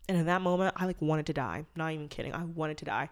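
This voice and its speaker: A young woman in her twenties hosts a casual solo podcast, speaking candidly and rambling with lots of fillers and swearing. Her voice is low and clean-toned, and she talks fast with few pauses.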